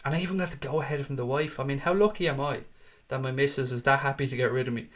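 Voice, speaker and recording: A Dublin Irish man in his late thirties talks to his stream audience in a relaxed, easygoing way. His voice sits in a middling pitch, and he swears casually while addressing viewers as mate. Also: very fast. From Ireland. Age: 30s. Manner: chatty, swears freely, calls viewers mate. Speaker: watchalong host. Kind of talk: casual live stream chat reading comments.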